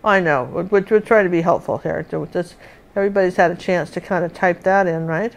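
A woman's voice: lowish voice, a little fast, creaky. A woman teaching a live painting lesson, chatting and thinking aloud as she works.

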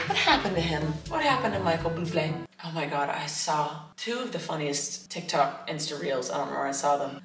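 A woman vlogs at home in a fairly low voice, chatty and self-deprecating, wandering off into asides. She sits a little back from the camera mic, so the room rings around her, and a faint hiss runs underneath. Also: a bit bright. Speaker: vlogger. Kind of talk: casual chat to camera. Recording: roomy, distant camera mic.

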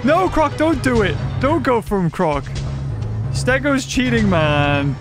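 A man giving excitable live commentary over a video game, exclaiming and laughing often. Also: extremely high pitch, slow pace, music in the background. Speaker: gaming YouTuber.

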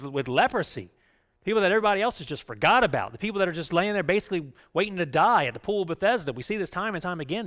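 A man pastor giving a conversational sermon, often checking in with his listeners and swinging between emphatic raised lines and quiet low ones. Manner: conversational preaching, frequent "right?" asides.

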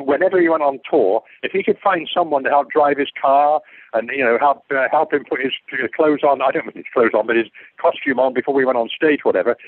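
A man's voice: medium pitch, husky, dry recording. An older man from England, a guest telling rambling stories that digress and lose the thread. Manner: digressive, repeats words, loses his thread. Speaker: guest actor. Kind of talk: rambling interview anecdotes. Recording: muffled phone-like call line.

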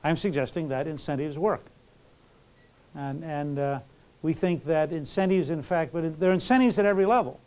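Male lecturer, fairly high voice, loose conversational delivery full of fillers. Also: moderate pace, darkish tone, smooth. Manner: conversational, many fillers and restarts. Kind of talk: college lecture.

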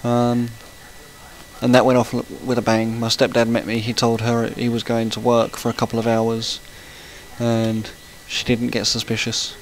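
A man's voice: medium pitch, monotone, moderate pace, low-quality recording. A man giving casual let's-play commentary, rambling and chatty and breaking off to react to the game. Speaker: gaming channel host.

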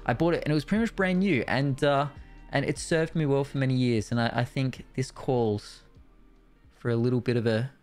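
A young Australian man reviewing his streaming gear in a casual, excited way, swearing freely, on a studio mic in his streaming room. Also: mid-range voice, a little fast, faint music behind. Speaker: Twitch streamer. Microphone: studio dynamic mic.

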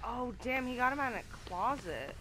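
A woman doing live gameplay commentary as a channel host, swearing often and yelping and shouting when she gets scared. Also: on the high side, lively intonation, moderate pace, a little hiss or hum. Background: loud game music and sounds.

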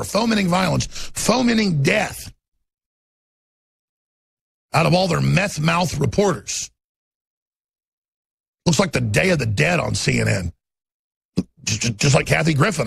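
A man's voice: a little high, gravelly, fairly bright tone, slightly rough, dry recording. A man hosting a talk radio show, ranting in a fiery monologue. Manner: ranting, mocks opponents in put-on voices.

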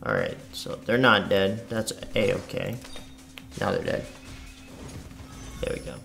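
Casting: chatty male gamer commentating, low and gravelly, faint music under. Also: very animated, slow pace, fairly bright tone. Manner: offhand, chatty. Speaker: gaming channel host. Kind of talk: casual gameplay commentary. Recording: faint game music behind.

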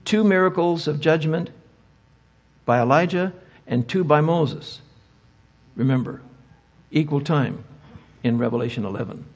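A man's voice: on the high side, unhurried, long pauses. An older man speaking at a Bible conference, answering audience questions with emphatic rhetorical questions. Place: conference hall.

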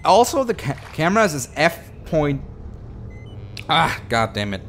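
High, lively-voiced profane game commentator man. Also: unhurried, a little hiss or hum. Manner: profane, excitable, talks to himself and the game. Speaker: gameplay commentator.

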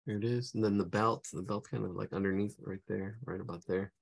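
A man teaching a live online drawing class, chatting casually and humming to himself as he sketches, his voice going and his throat clearing often. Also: lowish voice, steady tone, brisk. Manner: casual, hums and talks to himself while sketching.

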